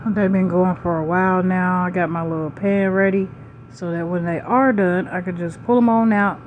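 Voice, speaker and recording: A young woman, hosting a cooking vlog in her home kitchen and chatting excitedly to her viewers. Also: lowish voice, normal speed, phone-quality sound, slight background noise. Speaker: cooking channel host. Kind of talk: casual cooking vlog talk.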